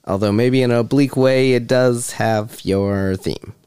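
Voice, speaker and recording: A man's voice: mid-range voice, steady tone, measured pace, warm tone, clear, resonant tone, close to an everyday voice. An actor playing a sarcastic, menacing male police detective in a stage play reading, mocking and taunting. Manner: mocking, sing-song, taunting.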